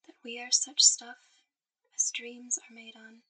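Breathy whispering woman, whispered role-play. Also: a little high, monotone, measured pace, poor audio. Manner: soft intimate whisper, guiding to sleep. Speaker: ASMR performer.

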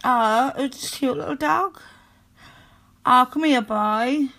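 High, bright-voiced woman in slow intimate role-play. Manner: soft, pleading and breathy, with frequent sighs and moans. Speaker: audio role-play performer.

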